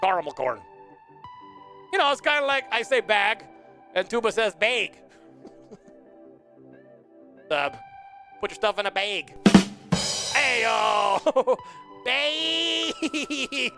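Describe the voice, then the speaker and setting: A man voicing an excitable male puppet who hosts a live morning talk show, playful and giggly, chatting casually. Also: very high voice, takes it slowly, creaky, pauses often, over music, heavily acted. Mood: silly. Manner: playful, giggly, wordplay-loving. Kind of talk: casual live-stream chat.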